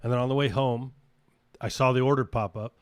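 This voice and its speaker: A man's voice: medium pitch, steady tone, brisk, clear, resonant tone, dry recording. A man co-hosting an off-road podcast in casual, blunt chat, swearing easily and telling stories. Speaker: podcast co-host.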